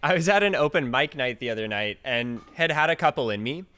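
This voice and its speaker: A man co-hosting a podcast, playful and quick to laugh, chatting about doing accents. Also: medium pitch, lively intonation, pushed and bright, smooth, soft background music. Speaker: podcast co-host. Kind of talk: casual chat.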